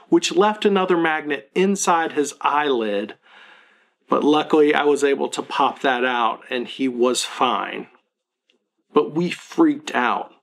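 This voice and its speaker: A man's voice: a little high, gravelly, fairly bright tone. A man in his thirties, a parenting blogger, talking earnestly and self-critically to camera in a confessional vlog.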